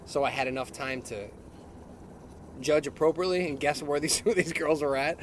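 A man's voice: on the high side, fairly even intonation, normal speed, a little hiss or hum. A middle-aged man telling a story in casual chat, laughing often and mimicking other people's voices. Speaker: podcast co-host.

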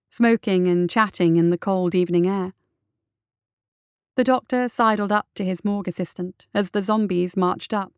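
A woman narrating a story in a measured, even storytelling manner. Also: medium pitch, clear, resonant tone, no echo, studio quality. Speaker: audiobook narrator. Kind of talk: scripted narration.

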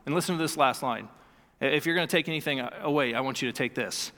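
A man's voice: mid-range voice, fast, a bit bright, big-room sound. A man in his thirties preaching a sermon as pastor, earnest and emphatic, often repeating key phrases. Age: 30s. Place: church sanctuary.

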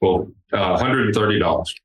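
Man telling a lively story. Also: lowish voice, moderate pace. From United States. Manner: animated, acts out the people in his story. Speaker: interview guest. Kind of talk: casual storytelling. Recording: roomy with faint background noise.

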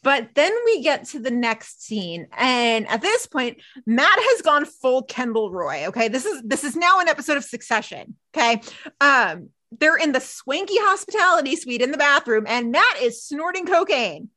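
Animated high-voiced woman podcaster. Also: normal speed. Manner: animated, laughs often, acts out characters' lines. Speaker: podcast co-host. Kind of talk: casual recap chat.

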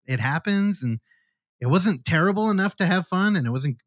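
A man co-hosting a podcast, chatting casually about horror films, animated and swearing freely. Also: sits high, normal speed, dry recording, clean studio sound. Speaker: podcast co-host.

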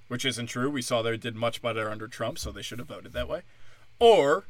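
Young man ranting, bright dry voice. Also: medium pitch, lively intonation, fairly quick, no room sound. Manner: angry, sarcastic, heavy swearing. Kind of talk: profane ranting monologue.

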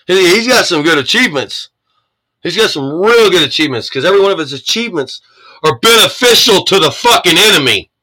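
A man's voice: sits high, lively intonation, brisk, pushed and bright, low-quality recording. Angry, swearing man ranting. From United States. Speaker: commentator reading the news. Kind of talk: profane political rant.

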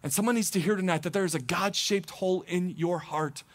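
Young male pastor, high voice, chatty animated sermon delivery. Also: brisk. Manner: conversational, animated, acts out quoted thoughts. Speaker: teaching pastor.

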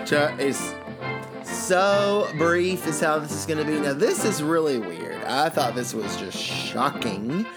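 A man co-hosting a comedy show, reading odd news with playful, drawn-out jokes. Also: fairly high pitch, expressive, over loud music. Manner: playful, drawn-out jokey delivery. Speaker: comedy podcast co-host.

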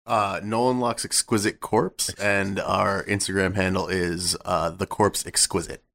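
A man's voice: low-pitched, fairly even intonation, unhurried, gravelly, a bit bright. A man playing as a guest at a tabletop game, laid-back and laughing easily. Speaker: guest player and module writer. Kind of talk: casual tabletop play.

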